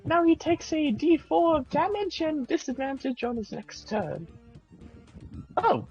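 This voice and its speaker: A player in a tabletop game who speaks hesitantly, with many pauses and restarts. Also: sits high, lively intonation, a little mellow, soft background music. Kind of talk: casual tabletop play. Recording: dull lo-fi mic.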